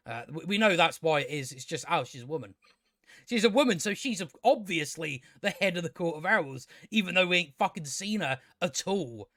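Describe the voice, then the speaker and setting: A man's voice: sits high, lively intonation, normal speed, a bit bright, dry recording, studio quality. A man giving a casual spoken TV review, ranting sarcastically with lots of swearing and filler words. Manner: sarcastic, sweary, rambling rant with many fillers. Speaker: TV show reviewer.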